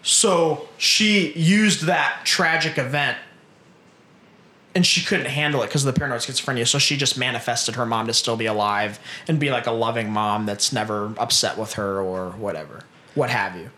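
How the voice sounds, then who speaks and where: A man chatting casually, telling stories in an animated way and swearing a lot. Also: medium pitch, normal speed, echoey room. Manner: profane, animated storytelling. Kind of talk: casual chat.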